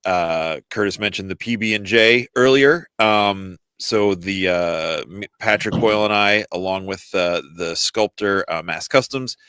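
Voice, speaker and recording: A man on a video call explaining new product news to a podcast, halting with many fillers. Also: low voice, a bit bright, clear, resonant tone, no room sound. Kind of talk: casual chat.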